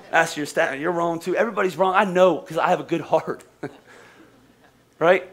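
An American pastor preaching a sermon in an animated, joking way, with quick restarts. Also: male voice, on the high side. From United States. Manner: animated, joking, talks fast with frequent restarts.

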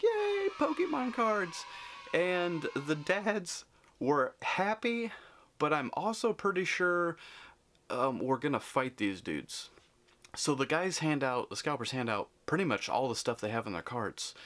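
Chatty man telling a story. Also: medium pitch. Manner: animated, chatty, acts out quotes. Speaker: vlogger. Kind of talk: casual storytelling.

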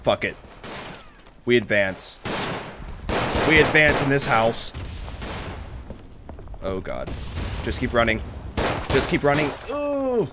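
A man giving excitable, profane gameplay commentary, shouting battle cries while he plays. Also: medium pitch, slow, long pauses, noisy background. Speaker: gaming YouTuber. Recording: game music and gunfire behind. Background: game music and gunfire.

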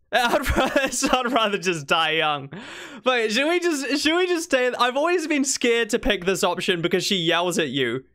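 A man giving excitable live commentary on a game he is streaming, reacting with frequent laughter. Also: very high voice, normal speed. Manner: excitable, animated, laughs often.

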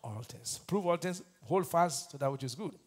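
A man with a Nigerian accent preaching a sermon as pastor, quizzing his congregation call-and-response style and swinging between loud declarations and hushed lines. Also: fairly high pitch, animated, normal speed.

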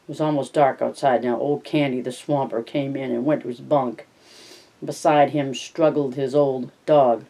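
Man reading a novel aloud, dark tone. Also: medium pitch, steady tone, creaky, recorded from a distance, low-quality recording. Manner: unhurried, with small self-corrections. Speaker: reader.

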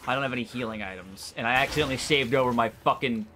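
A man's voice: mid-range voice, fast talker, noisy background. A man casually commenting on his gameplay, often frustrated and swearing at the game and its characters. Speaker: gameplay streamer.

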